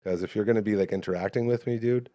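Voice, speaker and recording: A man's voice: lowish voice, quick pace, no room sound. Laid-back man, dry close mic. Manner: relaxed, slangy, self-deprecating. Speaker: podcast host. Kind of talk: casual chat.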